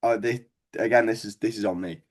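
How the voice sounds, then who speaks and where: Speaking fairly quickly in a lowish voice with fairly even intonation, this young Scouse man is a stand-up comedian guest who laughs along while telling rambling stories full of swearing in a casual chat.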